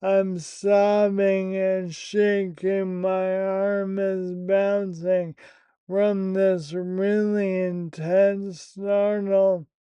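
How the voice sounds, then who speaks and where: Slow-talking man with a flat voice. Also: sits high, smooth, no echo. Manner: slow, candid and profane, recounting an upsetting event. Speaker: vlogger telling a personal story. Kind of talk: casual storytelling monologue.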